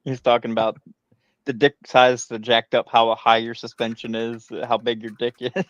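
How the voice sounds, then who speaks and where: A man's voice: medium pitch, completely flat delivery, normal speed, no room sound. A man co-hosting a live stream, talking crudely and lecturing on his points. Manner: lecturing, profane. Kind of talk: casual crude chat. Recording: dull, dry lo-fi mic.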